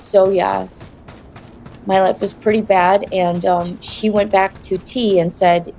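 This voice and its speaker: A woman telling her personal story in an interview, in a halting, confessional way. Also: mid-range voice, level tone, warm tone, a little hiss or hum.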